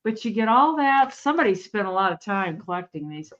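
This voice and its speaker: A woman's voice: mid-range voice, very animated, fairly quick, a bit bright. A woman chats casually as co-host, musing aloud and trailing off. Her voice comes through slightly dull and muffled. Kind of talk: casual chat.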